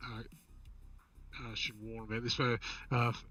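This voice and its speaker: A man's voice: mid-range voice, little pitch movement, normal speed, pushed and bright, recorded from a distance, rough recording. A man on a live stream telling a long joke in a rambling, casual way. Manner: rambling storyteller, restarts and fillers. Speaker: caller on a stream.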